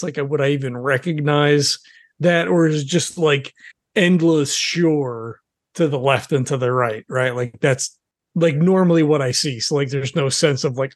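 A man's voice: a little high, normal speed, no room sound, clean studio sound. A man talking casually as a player in a tabletop role-playing game, rambling with lots of "like" and "you know".

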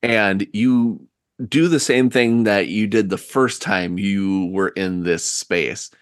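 A man narrating a tabletop role-playing scene as game master, describing it slowly with restarts. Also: on the low side, clean tone, no echo, studio quality.

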